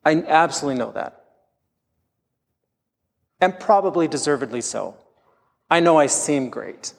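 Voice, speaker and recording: A man's voice: a little high, lively intonation, a little slow, vocal fry, big-room sound. A middle-aged man preaching a sermon as pastor, telling candid, self-deprecating stories from his own life.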